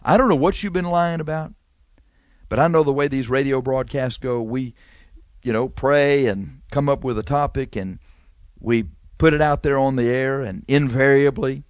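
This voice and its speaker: A man preaching a radio sermon with fervor, repeating lines and climbing suddenly in pitch and volume. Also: normal speed, smooth, dry recording.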